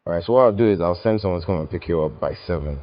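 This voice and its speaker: A man's voice: low-pitched, very fast, lo-fi sound, lightly acted. An actor playing a laid-back young man who reassures his girlfriend. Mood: instructing. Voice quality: casual, reassuring. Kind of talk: film drama acting.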